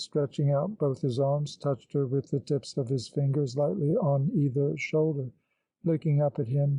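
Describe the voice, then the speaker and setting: A man narrating an audiobook in a measured, literary storytelling manner. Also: mid-range voice, mellow, no room sound, low-quality recording.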